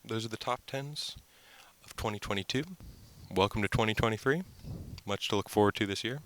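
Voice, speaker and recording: A man's voice: lowish voice, moderate pace, pauses often, fairly bright tone. A young man rambling in a goofy, upbeat way as he hosts his own vlog, recorded outdoors by the water. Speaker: channel host. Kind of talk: casual vlog chat.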